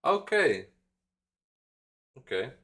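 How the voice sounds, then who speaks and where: A man's voice: mid-range voice, big pitch swings, drawn-out words, vocal fry, sharp tone. A man with a Dutch accent chatting casually as a reaction streamer, rambling through explanations with many fillers and chuckles. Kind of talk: casual live reaction chat.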